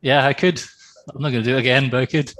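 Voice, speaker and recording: English male co-host, relaxed rambling talker, mid pitch. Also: very fast. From northern England. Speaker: podcast co-host. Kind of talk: casual chat.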